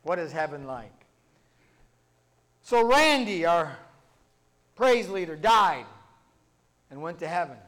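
A man's voice: a little high, very animated, slow pace, pauses often, a bit bright. A male pastor telling humorous stories in a sermon, in a conversational, chained storytelling manner. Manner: conversational storytelling, many "and" links.

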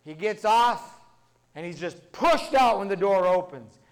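A man's voice: sits high, lively intonation, unhurried. A male pastor telling humorous stories in a sermon, in a conversational, chained storytelling manner. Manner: conversational storytelling, many "and" links.

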